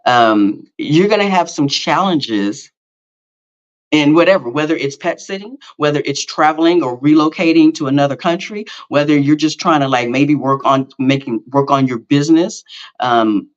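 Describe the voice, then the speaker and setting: A man's voice: fairly high pitch, normal speed. A middle-aged man hosting a podcast, telling a story in a casual monologue with lots of fillers, restarts and self-mocking asides. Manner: rambling, with many fillers and self-corrections. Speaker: podcast host. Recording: slightly dull lo-fi audio.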